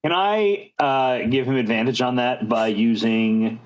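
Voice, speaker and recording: A man's voice: medium pitch, a little slow, low-quality recording. A man playing a tabletop game, thinking aloud with some hesitation. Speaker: player.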